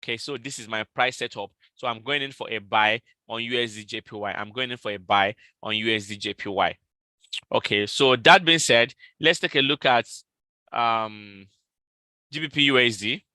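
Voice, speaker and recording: Bright-voiced man calling trades live. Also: mid-range voice, no room sound. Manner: repetitive, calls out trade levels slowly and repeats them. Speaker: live trading host. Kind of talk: live market analysis stream.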